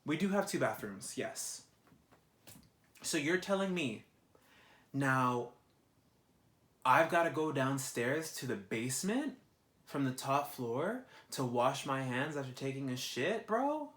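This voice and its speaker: A young man, ranting in a vlog, animated and exasperated, swearing a lot. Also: mid-range voice, slow, pauses often. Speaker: vlogger. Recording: roomy echo.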